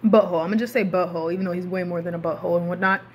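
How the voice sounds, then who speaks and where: A young woman doing a casual, animated rant review, swearing often and sounding exasperated. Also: on the low side, racing, husky, highs cut off. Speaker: YouTube reviewer.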